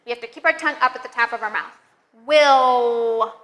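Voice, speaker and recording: A woman teaching English pronunciation, leading slow, careful drills with encouraging praise. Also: fairly high pitch, sharp tone. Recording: long reverb, room echo.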